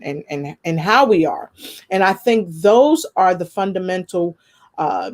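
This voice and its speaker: A woman guest sharing a personal testimony in conversation, earnest and expressive, with faith woven through her talk. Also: fairly low pitch. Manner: earnest, expressive storytelling with spiritual references.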